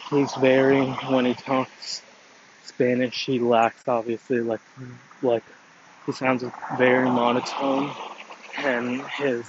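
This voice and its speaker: A man talks slowly in a flat, even tone, rambling and hesitant and often restarting his sentences. The recording is dull and lo-fi, with steady noise clearly audible behind him. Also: mid-range voice. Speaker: storyteller explaining a family matter. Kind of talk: casual monologue.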